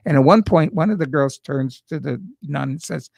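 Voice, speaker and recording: A man's voice: a little high, normal speed, vocal fry, darkish tone, no room sound. A man hosting an interview, telling stories in a chatty way and repeating his words as he starts sentences. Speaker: interview host. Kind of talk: casual interview chat.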